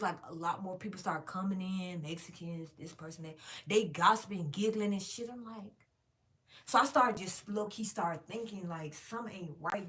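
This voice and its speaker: A woman, casually and profanely telling viewers a long story about a job. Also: medium pitch. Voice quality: frank, profane, animated storytelling.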